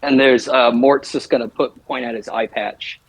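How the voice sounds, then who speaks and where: A man playing a tabletop game, calmly describing what his character does. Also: mid-range voice, normal speed, slightly rough, dry recording, poor audio. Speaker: player.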